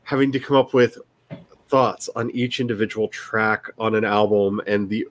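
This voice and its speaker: A man's voice: fairly low pitch, steady tone, normal speed, dry recording. A man hosting a casual livestream as an author, rambling and self-deprecating, who laughs often and restarts his sentences.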